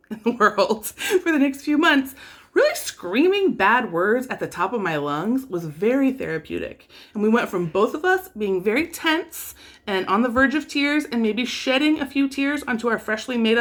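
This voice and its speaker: A woman vlogging about parenting, with a wry, self-deprecating storytelling manner. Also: mid-range voice. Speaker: vlogger and mother. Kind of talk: casual vlog storytelling.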